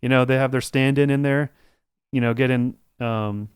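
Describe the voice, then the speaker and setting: A man's voice: medium pitch, steady tone, normal speed, smooth, dry recording, clean studio sound. A man co-hosting a podcast, chatting casually and rambling through his stories with lots of "like" and restarts. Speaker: podcast co-host. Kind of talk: casual chat.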